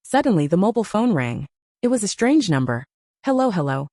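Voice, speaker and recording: A woman narrating a first-person audiobook story in a steady storytelling manner. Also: mid-range voice, a little fast, dry recording, studio quality.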